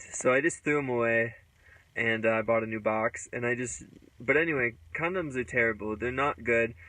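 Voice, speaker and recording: A man's voice: mid-range voice, bright, forceful tone, no echo, far from the mic, low-quality recording. Offhand rambling male vlogger. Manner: loose, offhand, joking, with many fillers. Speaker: musician vlogger. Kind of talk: casual rambling vlog chat.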